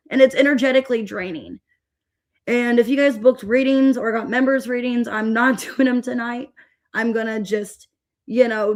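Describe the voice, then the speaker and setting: A young adult woman hosting a tarot livestream, upset and fed up, venting to her viewers with many restarts. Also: on the high side. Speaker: tarot reader livestream host.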